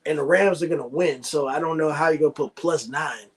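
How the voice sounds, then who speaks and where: A young man streaming live commentary on a football game, reading chat aloud and arguing excitedly about the coaching. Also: on the high side, a little fast, slightly rough.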